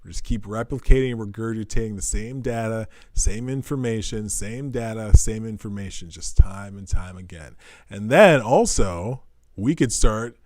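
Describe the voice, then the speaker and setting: A man's voice: on the low side, normal speed, a little mellow, dry recording, clean studio sound. A man talking in a rambling, profane monologue with jokey asides, as the host of his own show. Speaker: podcast host. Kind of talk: casual monologue.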